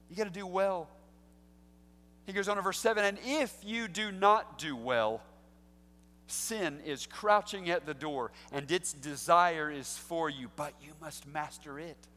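A man preaching an expository sermon, swinging between hushed, slow passages and loud, emphatic lines. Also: on the high side. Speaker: pastor. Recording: long hall reverb.

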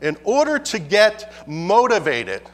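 A man's voice: high-pitched, wildly swooping pitch, slow pace, fairly bright tone. A man preaching a sermon as pastor, emphatic and full of rhetorical questions. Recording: long reverb of a hall.

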